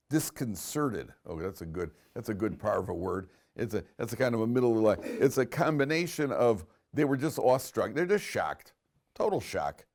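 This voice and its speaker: A rabbi teaches his class with lively stories and humor. His voice sits a little low, and he often restarts his sentences. He slows down to chant Hebrew verses. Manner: animated storyteller, frequent restarts, chanting Hebrew verses slowly. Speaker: rabbi teaching a weekly Torah portion class. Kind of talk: lively classroom Torah lecture.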